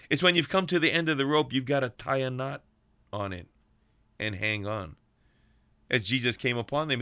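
A man preaching a sermon, with slow, repetitive rhythm and addresses to his congregation. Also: mid-range voice, pushed and bright, no room sound, studio quality.

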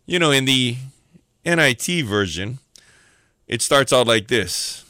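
A man's voice: mid-range voice, animated, a little slow, bright, forceful tone, dry recording, clean studio sound. A middle-aged man preaching a sermon, telling stories and asking rhetorical questions in a reflective way.

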